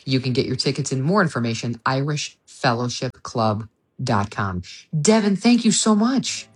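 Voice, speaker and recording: A woman's voice: a bass voice, animated, moderate pace, slightly rough. A woman hosting a radio interview, effusive and chatty with her guest. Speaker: radio talk show host.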